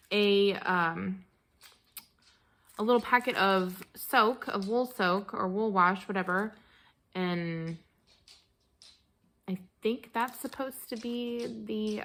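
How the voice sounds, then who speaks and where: A woman's voice: mid-range voice, sharp tone. A woman knitting vlogger chatting casually and gushing, with lots of fillers and restarts. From American Midwest. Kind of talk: casual chat.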